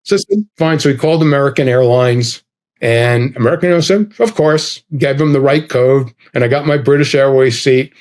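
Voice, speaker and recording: A man's voice: mid-range voice, brisk. A middle-aged man telling a travel anecdote in a casual chat, acting out the lines of the people in it. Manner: animated, acts out dialogue with quoted voices. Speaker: guest storyteller.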